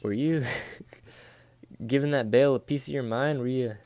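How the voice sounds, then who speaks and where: A man's voice: mid-range voice, moderate pace, dark tone, no echo, lightly acted. A young man voicing his teasing rancher father who has a temper.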